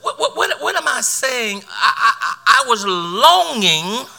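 A man's voice: very high voice, very animated, measured pace, vocal fry, bright, forceful tone. A middle-aged man preaching a sermon, telling a personal story with laughter and repeated words.

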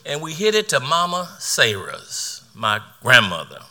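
A man's voice: mid-range voice, wildly swooping pitch, measured pace, sharp tone. A middle-aged man preaching a sermon, telling a personal story with laughter and repeated words.

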